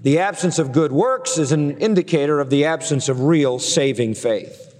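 A man's voice: on the high side, moderate pace, a little mellow, long reverb tail. A man preaching a sermon, emphatic and driving, often using rhetorical questions. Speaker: pastor.

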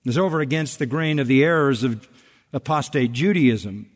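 A man's voice: mid-range voice, normal speed, long reverb tail. A man preaching a sermon in an earnest expository manner, stressing points with repetition. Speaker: pastor.

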